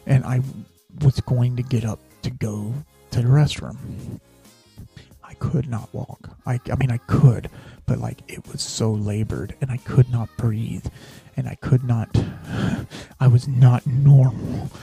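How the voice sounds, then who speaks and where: A man's voice: medium pitch, fairly even intonation, measured pace, creaky, warm tone, breathy edge, soft background music. A man hosting a podcast, telling a personal story in a rambling, casual way, full of fillers and restarts. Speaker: podcast host.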